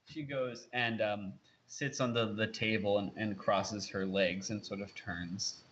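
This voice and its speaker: A man's voice: fairly low pitch, fairly even intonation, unhurried, fairly bright tone, dull audio, a little hiss or hum. A man narrating as game master of a tabletop game, rambling with many fillers.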